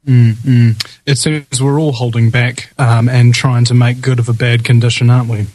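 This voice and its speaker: A man's voice: medium pitch, flat delivery, normal speed, darkish tone, no room sound, rough recording. Male radio host, New Zealand accent, mid-range voice, announcer-style talk with a dramatic touch. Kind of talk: live talk radio chat.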